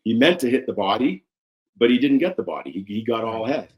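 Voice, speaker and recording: A man, a former referee, talking casually as a guest in an interview and telling animated stories. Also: a little fast. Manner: animated storyteller, acts out quotes with raised pitch.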